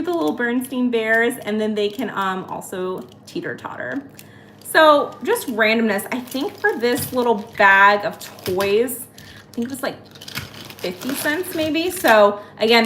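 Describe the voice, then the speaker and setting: Woman, 30s, host; bubbly, chatty haul talk, slightly high voice, echoey home room with faint noise. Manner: chatty and excitable, addressing viewers by name. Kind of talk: casual live-stream haul chat.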